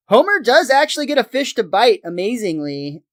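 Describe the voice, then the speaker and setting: A podcast co-host recapping a cartoon episode in a lively storytelling way, laughing often. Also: medium pitch, a little slow, no room sound, studio quality.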